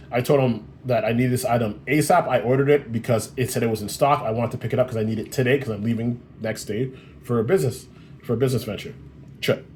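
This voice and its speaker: A man's voice: medium pitch, slight background noise. Blunt, cursing man recounting a hassle. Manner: blunt and profane, exasperated retelling. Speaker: vlogger. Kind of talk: casual storytelling rant.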